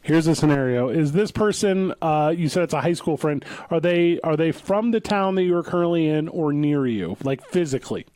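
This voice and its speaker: A man with a somewhat high voice, co-hosting a podcast in a deadpan, mock-lecturing tone. He is miked close and the sound is dry. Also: normal speed, hardly any pauses, dry recording. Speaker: podcast co-host. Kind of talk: casual comedic banter.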